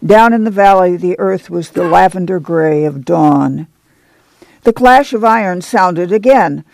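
A man reading a novel aloud in even, descriptive narration. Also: high-pitched, unhurried, creaky, no room sound, low-quality recording. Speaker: audiobook reader.

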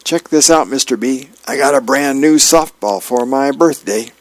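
A man's voice: medium pitch, normal speed, dry recording, voice pushed up, close to an everyday voice. A man voicing an eager young boy in a comic strip read aloud.

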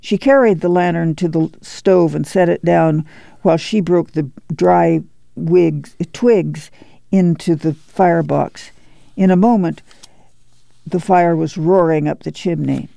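Male audiobook narrator, measured and gravelly, somewhat higher pitch, dry. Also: steady tone, warm tone, no echo. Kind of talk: scripted narration.

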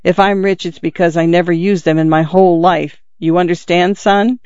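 A man's voice: sits high, steady tone, normal speed, a little mellow, clean tone, no echo, muffled recording. A man voicing a wounded, dying middle-aged father who speaks earnestly and urgently to his son while out of breath. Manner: urgent, confiding, pleading. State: in pain, out of breath.

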